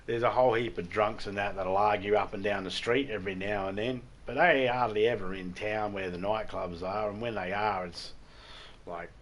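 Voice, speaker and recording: A man's voice: lowish voice, steady tone, normal speed. Profane Australian man telling rambling stories. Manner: rambling, profane, laughs often, acts out drunks loudly. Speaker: live-stream host. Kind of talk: casual storytelling chat.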